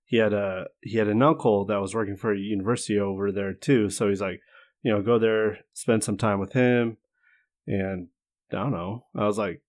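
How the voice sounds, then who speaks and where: A man's voice: fairly low pitch, fairly even intonation, moderate pace, a little mellow. A young man from the United States, co-hosting a podcast in casual chat with a dry, joking manner. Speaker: podcast co-host.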